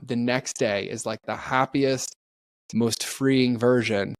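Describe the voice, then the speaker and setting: This podcast guest shares honest, heartfelt stories in a relaxed, conversational way, voicing the characters and dropping "like" throughout. He speaks slowly and smoothly at a medium pitch, with fairly even intonation and a dry, echo-free sound.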